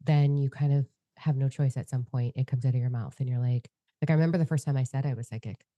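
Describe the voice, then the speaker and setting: Fast-talking unfiltered woman, very deep voice. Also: fairly even intonation, warm tone, dry recording. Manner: fast, unfiltered, swearing freely. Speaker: podcast co-host and psychic medium. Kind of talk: candid casual conversation.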